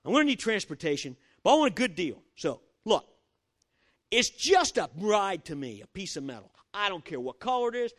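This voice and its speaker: An older male preacher tells a testimony story with a lively voice that swings widely in pitch. He sits a little above the usual male range and acts out each exchange as he tells it. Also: normal speed. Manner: storytelling, acts out dialogue, chuckles. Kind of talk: sermon with personal testimony story.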